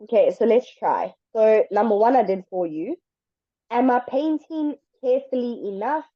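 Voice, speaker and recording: A woman's voice: a little high, no echo, dull audio. A woman teaching an English lesson, speaking patiently and drawing words out to demonstrate them. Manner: patient, slow and deliberate, stretching words to demonstrate. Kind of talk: online language lesson.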